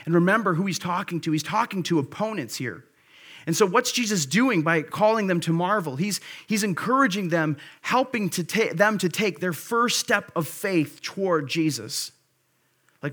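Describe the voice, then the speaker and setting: Man in his thirties, pastor giving a sermon; fairly high, keen tone, relaxed talk with excited flashes. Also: moderate pace. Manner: conversational and earnest, with bursts of excitement.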